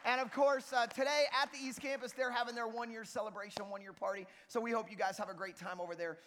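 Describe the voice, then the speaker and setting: A man preaching a sermon as lead pastor, lively and joking with the congregation in a church auditorium. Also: very high voice, fast. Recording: long reverb of a church hall.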